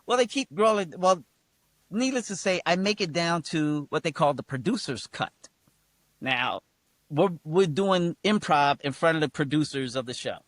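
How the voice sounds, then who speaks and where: An older man, a comedian, tells an animated, wry story about his own past. His voice sits a little high for a man, and he slips into quoted voices as he goes. The sound is close and dry, with no room echo. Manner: animated, acts out quoted voices, many fillers like blah blah; wry, self-mocking humor. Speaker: comedian guest. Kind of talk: storytelling anecdote in casual chat.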